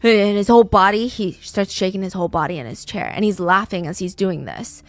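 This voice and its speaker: A woman hosting a podcast, telling a true crime story in an animated, conversational way. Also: medium pitch, brisk, no room sound. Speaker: podcast host.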